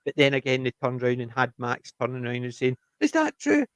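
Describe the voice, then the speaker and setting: A man's voice: medium pitch, monotone, fast talker, fairly bright tone, smooth, no room sound. A man co-hosting a TV review podcast, chatting casually and retelling scenes in a rambling way with many restarts. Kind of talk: casual chat.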